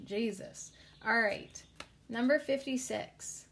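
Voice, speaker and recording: Tired woman podcaster, talks real slow, rambly, lots of "like", card reading vibes. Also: medium pitch, fairly even intonation. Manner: rambling, many "like" fillers, spiritual talk. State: tired, low energy. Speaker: podcast host reading cards. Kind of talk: casual rambling chat.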